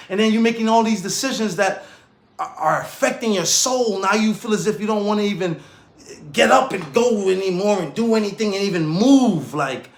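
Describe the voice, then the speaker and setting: Young New guy, high voice, animated motivational chat with plenty of laughs. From New York. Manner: animated, laughs often, slangy. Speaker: fitness coach and streamer. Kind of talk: casual motivational talk. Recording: echoey room.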